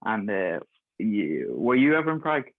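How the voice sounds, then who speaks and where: A man's voice: fairly low pitch, very animated, moderate pace, no room sound. A man in his twenties tells his stories in a loose, chatty way and keeps breaking into laughter. He is heard over a video call that sounds thin and phone-like. The sound is dry, with no room around it. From Ireland. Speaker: guest, pharmacist. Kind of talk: casual storytelling.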